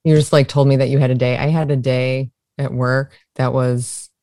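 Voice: medium pitch, little pitch movement, normal speed, mellow, dry recording, studio quality. A podcast co-host chatting in a blunt, teasing way. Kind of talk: casual chat.

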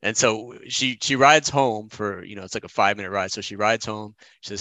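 Bright-voiced man telling a story. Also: on the low side, fairly quick, no echo. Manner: rambling, self-deprecating. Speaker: podcast co-host. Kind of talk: casual storytelling.

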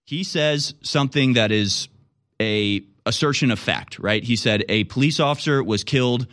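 A man's voice: mid-range voice, a bit bright. A man hosting a political talk show, delivering indignant, sarcastic commentary.

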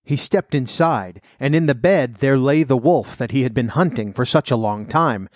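A man calmly narrating a fairy tale in a measured storybook reading. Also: mid-range voice, no echo, studio quality.

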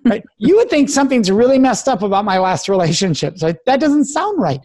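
A man's voice: high voice, very animated, moderate pace, a little mellow, no echo, studio quality. A man who is a guest expert on a radio talk show, speaking earnestly and coaching listeners with example phrases. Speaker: guest expert on sexual respect.

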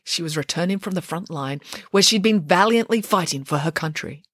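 A woman narrating a children's audiobook in a measured, wry way. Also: on the low side, no room sound, clean studio sound.

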